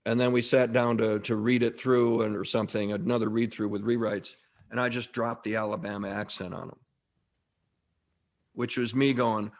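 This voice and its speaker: A man's voice: lowish voice, moderate pace. Rambling middle-aged male actor. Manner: rambling, frequent restarts, lively anecdotes. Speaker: actor, guest. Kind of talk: casual interview storytelling.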